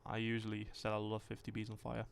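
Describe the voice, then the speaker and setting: Gravelly man streaming a tank game. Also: lowish voice, fast. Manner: thinks aloud, rambling and relaxed, swears casually. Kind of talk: casual livestream commentary.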